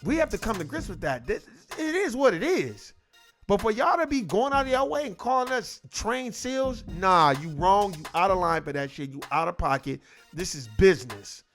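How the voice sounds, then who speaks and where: A man with a high voice, an online commentator, rants on camera in a casual, unscripted way, emphatic and profane. He drives his points home through repetition, with soft music playing underneath.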